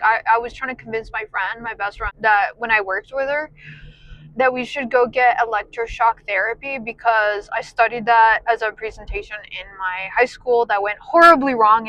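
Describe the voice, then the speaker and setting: A woman's voice: fairly high pitch, sharp tone, muffled recording. A young woman vlogging, rambling in a self-deprecating way about her fears and moods, dropping "dude" and "like" all the time. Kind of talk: casual rambling monologue.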